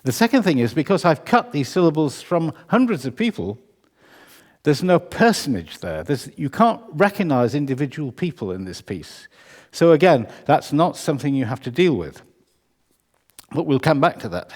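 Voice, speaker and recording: A man's voice: a little high, big pitch swings, normal speed, a little mellow. A man from the UK giving a conversational, wry lecture as a composer, often correcting himself. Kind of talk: public lecture. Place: concert hall. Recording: reverberant hall.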